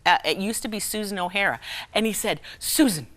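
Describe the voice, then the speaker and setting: A woman's voice: mid-range voice, fast, bright, forceful tone. A middle-aged woman telling a personal story as a talk show guest, acting out the voices of people in it and often laughing. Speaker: guest speaker and humorist. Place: television studio.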